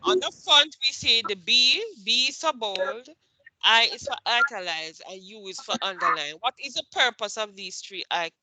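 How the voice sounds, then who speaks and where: A woman's voice: on the high side, animated, moderate pace, crowd noise. A woman instructor teaching a computer class, asking questions and repeating her points patiently.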